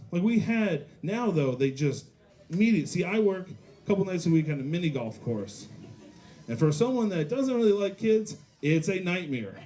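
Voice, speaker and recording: A young man performs a stand-up set in a small restaurant, his voice sitting a little high for a man. He tells his stories deadpan and slips into voices for the kids and parents in them. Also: moderate pace. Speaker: stand-up comedian. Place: pizza restaurant comedy night with audience.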